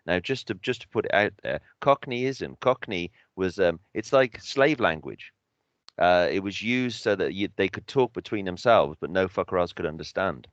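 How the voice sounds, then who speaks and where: Lower-voiced man. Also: lively intonation, moderate pace, no room sound, muffled recording. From England. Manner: opinionated storytelling, swearing. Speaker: podcast co-host. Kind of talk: casual chat.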